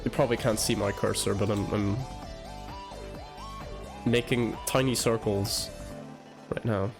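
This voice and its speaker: Slow-talking young man streaming. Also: lowish voice, steady tone, over music. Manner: halting, stammering restarts, rambling. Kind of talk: casual live-stream commentary.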